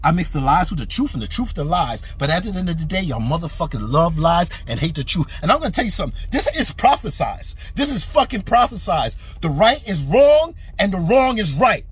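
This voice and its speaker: A man's voice: a little high, sing-song, quick pace, hardly any pauses, husky, soft background music. A man hosting a boxing commentary channel, delivering a heated, profane opinion rant to camera. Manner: heated, aggressive, repetitive and profane.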